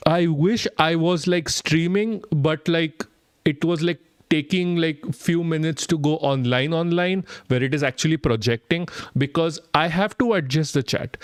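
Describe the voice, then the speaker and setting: A man, hoarse from being sick, rants in frustration on a live stream and swears constantly. His voice sits a little high for a man. The sound is dry and close, with no room echo. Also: measured pace. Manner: frustrated, swears heavily, mixes in Hindi.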